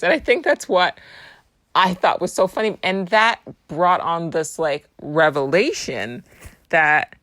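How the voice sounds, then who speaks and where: A woman's voice: lowish voice, a bit bright, no echo, clean studio sound. A woman talking casually in a rambling personal monologue. She laughs easily and swears freely. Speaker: vlogger.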